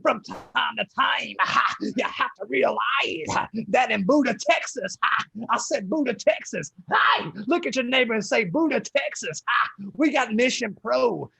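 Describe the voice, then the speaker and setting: A man voicing a revival preacher who shouts drawn-out phrases and puts an "ah" between them. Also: very high-pitched, expressive, creaky, husky, dry recording, voice pushed up, exaggerated voice. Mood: preaching.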